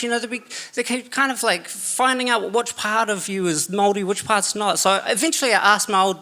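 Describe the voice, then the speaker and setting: Bright-voiced New Zealand man doing stand-up. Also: high-pitched, brisk, hardly any pauses. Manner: chatty, self-mocking, frequent filler "okay" and "you know". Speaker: stand-up comedian. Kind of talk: stand-up comedy set. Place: large theatre stage with audience. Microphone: stage microphone.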